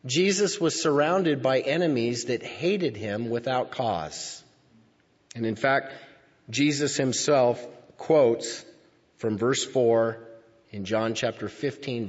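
A pastor reads and explains scripture in a sermon, preaching slowly and deliberately and drawing out the words he wants to emphasize. His mid-range voice is slightly husky. The muffled, dull recording has a long reverb that trails off around a church sanctuary.

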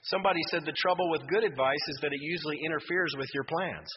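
Talking fast in a slightly high voice, a man delivers a sermon as pastor, moving from storytelling into forceful exhortation. Muffled hall reverb and faint noise color the recording.

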